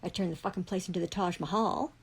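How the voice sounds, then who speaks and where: Furious, profane woman, gravelly. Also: fairly low pitch, steady tone, fast talker, poor audio. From Canada. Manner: heavily profane, furious ranting. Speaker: livestreamer. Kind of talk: angry livestream rant.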